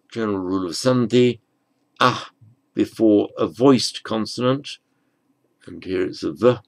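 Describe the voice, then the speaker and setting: A man teaching a slow, patient grammar lesson, spelling out words and rules. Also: fairly low pitch, creaky, darkish tone, low-quality recording. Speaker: Sanskrit teacher.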